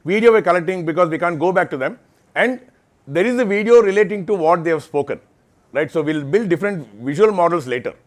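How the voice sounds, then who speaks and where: A man, giving an informal talk to interns at an onboarding session, explaining things patiently and often checking in with "right?". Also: fairly high pitch. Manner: explanatory, frequent "right?" tag questions. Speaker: program lead addressing interns. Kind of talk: informal presentation with Q&A. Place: auditorium or lecture hall.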